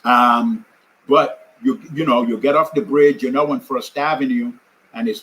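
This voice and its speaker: A man's voice: medium pitch, fairly even intonation, a little slow, a bit bright, a little hiss or hum, low-quality recording. An older man from New York telling his marathon story in a casual, rambling way, with many fillers and restarts. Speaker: amateur marathon runner.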